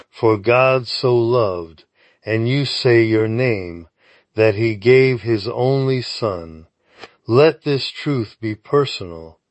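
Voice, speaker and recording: A man's voice: medium pitch, no echo. A man hosting a scripted daily devotional, speaking earnestly and directly to the listener. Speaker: devotional host.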